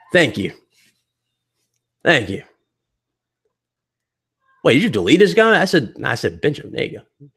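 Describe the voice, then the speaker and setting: A man's voice: medium pitch, gravelly. A male gaming podcast host ranting to his live chat in a heated, blunt and mocking way. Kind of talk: live stream rant to chat.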